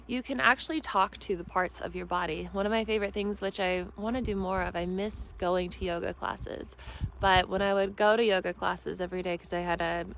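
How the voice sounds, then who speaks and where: A woman spiritual mentor talking in a soft, rambling, earnest way for her vlog, filming herself on a phone at arm's length while riding outdoors. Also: fairly low pitch, steady tone, a little fast, creaky, slight background noise, rough recording. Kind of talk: casual self-help vlog talk. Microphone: phone held at arm's length.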